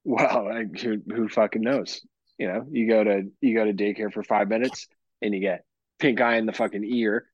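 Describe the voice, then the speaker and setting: A man's voice: on the low side, fairly even intonation, normal speed, no echo. Male co-host, 30s, blunt and profane, self-deprecating; dry, slightly muffled podcast audio. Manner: blunt, swears freely, self-mocking. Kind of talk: casual chat. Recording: dry, dull lo-fi sound.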